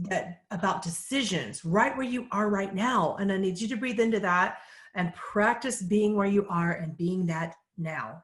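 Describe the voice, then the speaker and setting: A woman psychic medium in a casual live question-and-answer session, relaying messages in a calm, measured, gentle way. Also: medium pitch, roomy sound.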